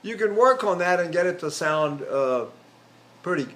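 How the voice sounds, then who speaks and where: A man's voice: high-pitched, expressive, moderate pace, a bit bright. An older man, a trained tenor, giving a voice lecture, explaining technique and breaking into sung syllables and vowels, with fillers and restarts. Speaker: voice teacher. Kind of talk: vocal lecture with sung demonstrations.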